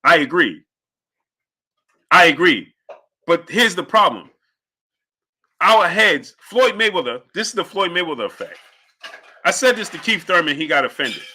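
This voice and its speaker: A man's voice: high-pitched, sing-song, moderate pace, pauses often, pushed and bright. A man hosting a live-stream boxing show, talking emphatically, repeating his points and greeting chat viewers by name. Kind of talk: live-stream sports commentary.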